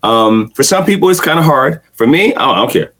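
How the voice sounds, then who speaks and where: A man's voice: fairly high pitch, lively intonation, a little fast, a bit bright. Middle-aged man, laid-back, conversational, talks in short repeated bursts. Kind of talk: casual conversation.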